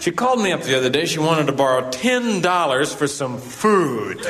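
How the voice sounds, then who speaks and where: High-voiced, exasperated male comic. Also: big pitch swings, moderate pace, a crowd in the background. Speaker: stand-up comedian. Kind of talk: stand-up comedy. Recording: live club recording, loud audience.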